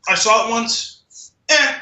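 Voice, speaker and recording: A man's voice: very high voice, slow pace, bright, forceful tone. A man co-hosting a podcast in casual chat, a rambling storyteller with dry jokes and lots of "like". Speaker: podcast co-host. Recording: roomy echo.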